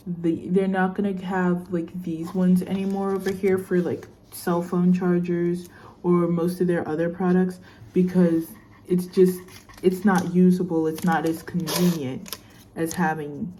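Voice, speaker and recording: A woman's voice: fairly low pitch, little pitch movement, a little slow, warm tone, slight background noise. A young woman vlogging casually as a student, chatty and rambling with lots of fillers while she unboxes a laptop. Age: young adult. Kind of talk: casual unboxing vlog chat.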